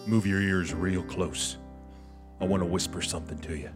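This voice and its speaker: A man's voice: low-pitched, fairly even intonation, moderate pace. A man in a live comedy radio show, mumbling and chatty, talking to himself in a theatrical way. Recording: music playing under the voice.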